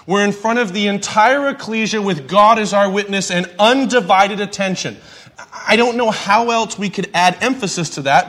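A man's voice: high voice, fairly bright tone. A man teaching a Bible class in a conversational way, asking the audience questions and adding light humor.

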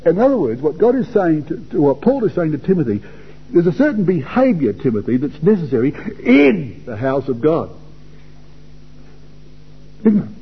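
Speaking to young men in an informal Bible class, an older man from Australia chats along, repeats words and poses questions to the group. His fairly high voice swings widely in pitch, with a breathy edge, normal speed and frequent pauses. The recording is dull and lo-fi.

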